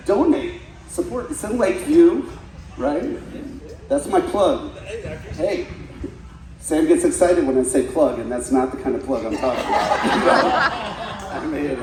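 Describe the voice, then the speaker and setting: A man doing a stand-up comedy set, telling rambling stories full of "like" and "right?". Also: a little high. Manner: storytelling with frequent "like" and "right?". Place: party venue with guests. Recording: roomy echo, mic from a distance, faint room noise.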